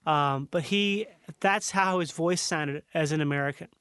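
A man hosting a casual comedic chat, teasing his guest with quick asides. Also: on the high side, a bit bright, smooth, dry recording, studio quality.

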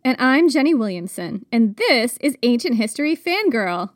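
A woman's voice: fairly high pitch, very animated, normal speed, no echo, clean studio sound. A woman co-hosting a podcast, chatting casually in a matter-of-fact, wry way. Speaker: podcast co-host.

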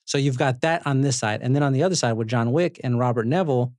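A man hosts a casual podcast and recaps films with lively, joking energy. His voice sits at an ordinary middle pitch. It is recorded close and dry, with no room echo. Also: fast. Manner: animated storyteller, swears, laughs often. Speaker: podcast host.

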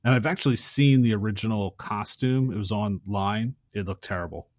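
A man co-hosting a movie podcast in relaxed casual chat, often weighing different versions of the facts he has read. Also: lowish voice, normal speed, no echo, studio quality. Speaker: podcast co-host.

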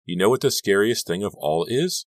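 A man's voice: fairly low pitch, animated, moderate pace, no room sound, clean studio sound, voice pushed up. A man voicing a frightened teenage girl who talks anxiously and urgently about danger. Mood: fearful. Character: frightened teenage girl actress, nun costume.

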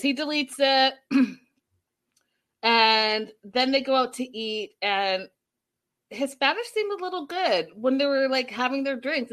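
Chatty woman recapping a show live. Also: on the high side. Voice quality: chatty, animated storytelling with quoted voices. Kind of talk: casual recap chat with viewers.

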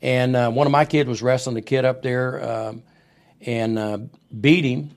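A middle-aged wrestling booker and promoter, appearing as a podcast guest, tells stories in a studio interview. His gravelly, medium-pitched voice moves at normal speed, and he animatedly acts out the people he quotes, slipping into character.

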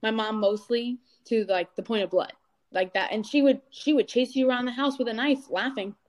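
Woman telling her story with lively quoted voices. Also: a little high, brisk. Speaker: guest. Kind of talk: candid personal interview.

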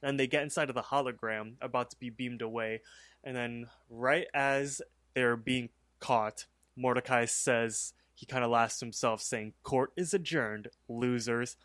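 A man's voice: medium pitch, steady tone, moderate pace, fairly bright tone, no echo. Man rambling through a cartoon recap, dry. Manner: rambling retelling full of "like" and "um". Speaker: podcast co-host. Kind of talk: casual episode recap.

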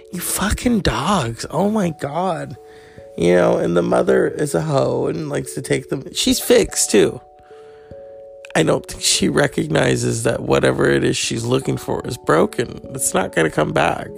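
A man's voice: on the high side, creaky. A man hosting a podcast, rambling through a crude comedic monologue with mock outrage and lots of profanity. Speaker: podcast host.

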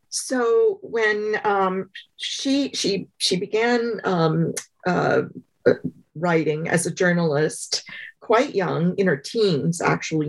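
Low husky woman, measured storyteller. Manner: thoughtful, measured storytelling with many pauses. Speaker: guest author. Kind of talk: interview conversation.

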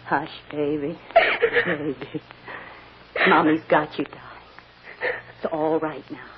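A woman's voice: mid-range voice, very animated, normal speed, highs cut off, natural voice. A woman playing a tender, anxious mother, soothing and sometimes tearful, in 1940s radio acting. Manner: soothing, emotional, tearful at times. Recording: scratchy old radio recording, hiss.

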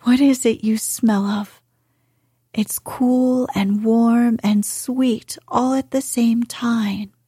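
A frail young boy, eager and wondering, as a woman whispers him in a storybook reading. The voice is husky, soft and unhurried. It is dry and close to the mic. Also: fairly high pitch, fairly even intonation, dry recording.

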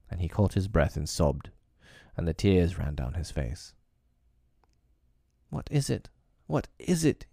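A man narrating a classic story for his own podcast, measured, a little hesitant when speaking off-script. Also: low voice, a little mellow, dry recording, clean studio sound.

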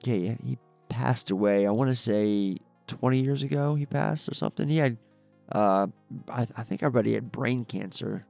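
A man's voice: mid-range voice, normal speed, vocal fry, darkish tone, soft background music. A man co-hosting a film podcast, casually and enthusiastically retelling scenes with some swearing. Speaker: podcast co-host. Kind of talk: casual film review chat.

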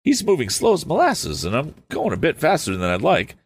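A man voicing a young man on a runaway motorcycle, shouting frantic warnings. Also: fairly high pitch, huge pitch swings, fairly quick, slight background noise, pitched above the performer's own voice. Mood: worried.

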